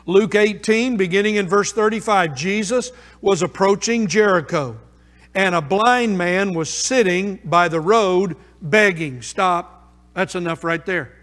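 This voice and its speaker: A man's voice: high-pitched, unhurried, a bit bright, in a large hall. A man preaching a sermon to his congregation, emphatic and repeating key phrases for stress. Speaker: pastor. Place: church sanctuary before a congregation.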